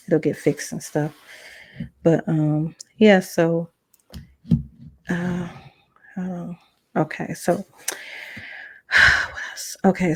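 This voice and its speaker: A woman's voice: low voice, no room sound. A woman podcast host telling a personal testimony in a casual, chatty way, acting out the dialogue as she goes. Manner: animated, acts out quoted dialogue; casual, chatty asides to viewers.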